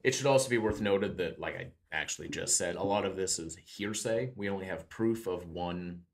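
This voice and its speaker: Deep-voiced man reading true crime notes. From United States. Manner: reads notes quickly, stumbles and restarts lines. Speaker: podcast co-host. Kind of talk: casual true crime podcast chat.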